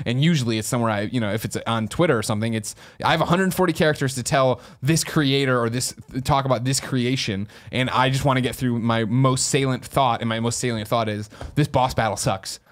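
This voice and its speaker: A man's voice: mid-range voice, brisk, hardly any pauses. A man co-hosting a casual podcast, rambling frankly with lots of restarts. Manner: rambling, self-interrupting, frank. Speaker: podcast co-host. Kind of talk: casual chat.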